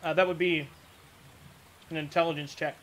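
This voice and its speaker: A man running a tabletop game online as game master, brisk and upbeat, with quick scene-setting over a desktop mic. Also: a little high, level tone, fairly bright tone, slight background noise.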